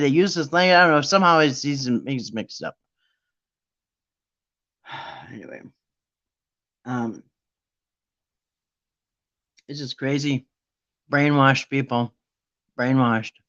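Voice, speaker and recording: A man's voice: on the high side, a bit bright, muffled recording. A man hosting a Bible study talk, ranting with sarcasm in a rambling, casual monologue.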